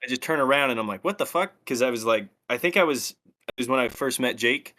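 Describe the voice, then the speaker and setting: A young man on a podcast, recalling an event in relaxed casual chat with hesitant ums. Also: medium pitch, fast. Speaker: podcast co-host.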